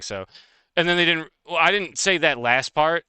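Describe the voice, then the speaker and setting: Male streamer, bright and crisp, rapid profane rant, dry close sound. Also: a little high, no room sound. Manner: fast, profane, heated and laughing. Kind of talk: casual live-stream rant.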